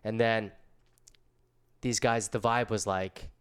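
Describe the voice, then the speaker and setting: Middle-aged man, easygoing surfer storyteller, smooth resonant voice. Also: on the low side, fairly even intonation, slow. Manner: laid-back, slangy surfer talk. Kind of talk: casual storytelling.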